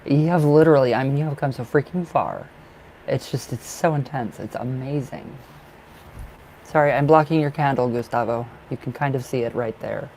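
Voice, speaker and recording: Gravelly-voiced man chatting on a live stream. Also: medium pitch, moderate pace, darkish tone, a little hiss or hum, low-quality recording. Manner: effusive and affectionate, talks to viewers by name; chatty, laughs often, restarts sentences. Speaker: tarot reader. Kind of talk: casual live-stream chat.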